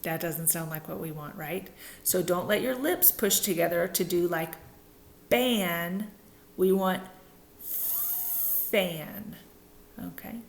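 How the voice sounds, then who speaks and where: A woman giving a speech therapy lesson to children, upbeat and slow, modeling each sound clearly. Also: on the low side, a little mellow, reverberant.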